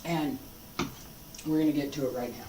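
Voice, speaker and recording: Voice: medium pitch, fairly even intonation, moderate pace, echoey room, recorded from a distance, background noise. A martial arts instructor giving an unscripted teaching talk, emphatic and determined, repeating phrases for force.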